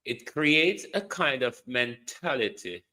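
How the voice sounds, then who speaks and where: Slow, bright Jamaican man ranting. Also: mid-range voice, very animated. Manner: mocking, indignant, repeats phrases for emphasis. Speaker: commentator. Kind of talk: political commentary.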